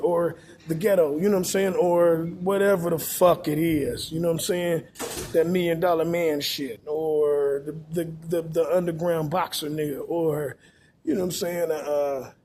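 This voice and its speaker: A man's voice: a little high, dark tone, slight background noise. A man, delivering a rambling, profane, preachy monologue full of repetition.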